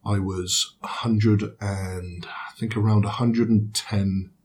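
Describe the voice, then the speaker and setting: A man, a bodybuilder, casually recounting his training in a relaxed, rambling way with fillers. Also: on the low side, takes it slowly. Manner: laid-back, rambling recap with fillers. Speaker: bodybuilder guest. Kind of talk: casual podcast chat.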